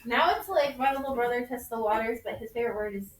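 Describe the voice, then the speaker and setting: A woman's voice: on the high side, quick pace. A young woman, a student, telling chatty family stories in a casual class discussion, often quoting relatives. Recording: echoey classroom from far off, loud crowd chatter.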